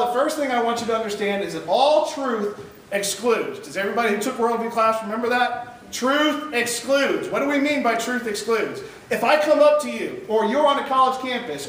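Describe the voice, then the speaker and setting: A man's voice: very high-pitched, a bit bright. Emphatic man lecturing in an echoey hall. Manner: emphatic, asks the audience rhetorical questions. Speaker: speaker at a school chapel. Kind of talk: chapel talk to high school students. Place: large echoey chapel hall. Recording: echoey hall recorded from far off.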